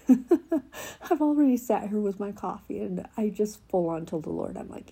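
A devotional writer with a crackly, slightly rough, lowish voice reads a devotional she wrote and then reflects on it. She sounds heartfelt and halting, with lively intonation, sometimes dropping to a soft whisper.

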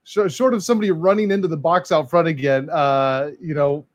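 A man's voice: fairly high pitch, moderate pace, dry recording. Chatty guy cohosting a live stream, keeps saying dude and man, dry close sound. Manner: excitable, chatty, says "dude" and "man" a lot. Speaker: co-host reading live comments. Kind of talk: casual live-stream chat.

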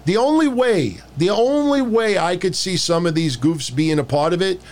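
Male podcast host, fairly high voice, animated and crude, casual rant delivery. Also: moderate pace. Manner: blunt, profane, mocking, animated.

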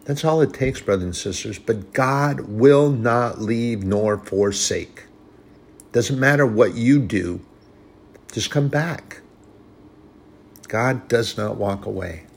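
A man's voice: on the low side, slow, creaky. A man preaching a sermon in an earnest, conversational way, often restarting his sentences.

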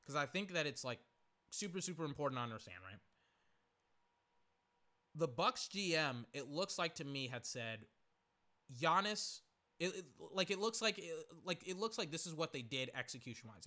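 Young man, hoarse, sharp tense tone, casual live game commentary, rambling, lots of fillers and swearing. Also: mid-range voice.

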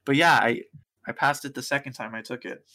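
Young male podcast co-host, animated storyteller who plays every part. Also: mid-range voice, a little fast. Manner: animated storyteller acting out quoted voices, laughing often. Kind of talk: casual chat, storytelling.

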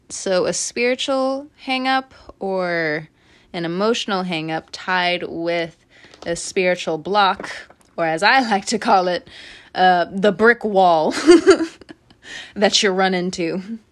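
A woman doing a casual tarot reading, animated and blunt, swearing freely and laughing at herself. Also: mid-range voice, slow pace. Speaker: tarot reader.

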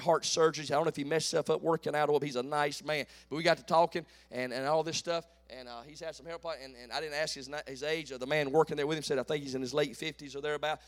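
A pastor in his late forties preaching a folksy call-and-response sermon that builds to shouts. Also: on the high side. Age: 40s.

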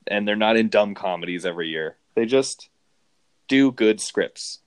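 A man casually discussing a movie, rambling and animated. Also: lowish voice, normal speed, dry recording. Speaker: film podcast co-host.

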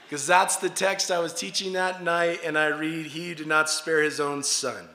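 A young adult man preaches in an echoey room. His voice is bright, sharp and a little high, and his delivery is earnest. He talks to the crowd like a storyteller. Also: moderate pace, few pauses. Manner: animated storytelling, laughing and loud as he acts out the scene; low, earnest appeal when preaching. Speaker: pastor. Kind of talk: sermon with a personal story.

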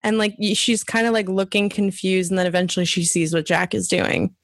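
A woman's voice: mid-range voice, little pitch movement, fairly quick, gravelly, no room sound. Casting: chatty co-host, woman, strong American accent, giggly, dry close sound. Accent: strong regional American accent. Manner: giggly, chatty, self-interrupting. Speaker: podcast co-host. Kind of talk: casual chat, recapping a TV episode.

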